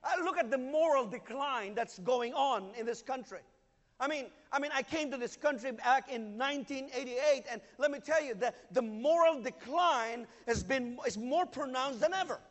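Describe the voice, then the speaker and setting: A man's voice: very high-pitched, moderate pace. A man preaching a sermon as pastor, earnest and emphatic in his delivery. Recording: long hall reverb.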